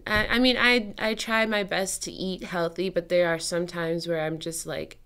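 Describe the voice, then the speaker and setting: Chatty young woman guest, low-pitched. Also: steady tone, moderate pace, a bit bright, clean tone. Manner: chatty, loose, many "like" fillers. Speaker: guest musician. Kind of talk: casual interview chat.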